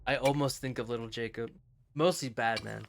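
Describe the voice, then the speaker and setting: A man's voice: mid-range voice, fairly even intonation, a little fast, gravelly, a little hiss or hum. A man chatting casually while streaming a game, laughing and swearing as he reacts. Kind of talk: casual gameplay commentary.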